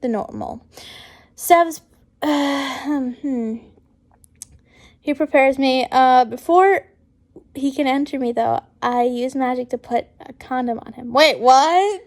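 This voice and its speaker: High-voiced woman reading fan fiction slowly. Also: darkish tone. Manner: breaks off into chatty, giggly asides between read lines. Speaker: fanfiction reader and channel host. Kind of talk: reading fan fiction aloud with casual commentary.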